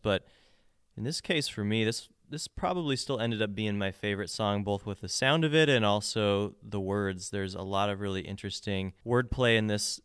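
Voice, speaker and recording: Smooth low-voiced man discussing an album. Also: a bit bright, dry recording, studio quality. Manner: enthusiastic, explains in detail with frequent restarts. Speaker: podcast co-host.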